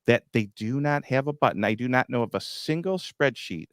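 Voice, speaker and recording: A man's voice: medium pitch, animated, a little fast, clear, resonant tone, no room sound, studio quality. A middle-aged man hosting a grain market show, talking bluntly with a teasing edge. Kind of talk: market commentary.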